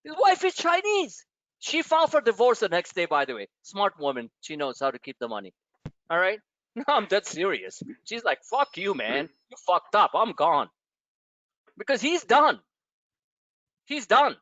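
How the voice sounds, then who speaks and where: A man's voice: high-pitched, huge pitch swings, normal speed, fairly bright tone, no echo. A man, a trading coach hosting a live member Q&A, who talks in a blunt and profane way straight at his listeners. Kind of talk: live online session, rambling rant. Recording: dull lo-fi, dry sound.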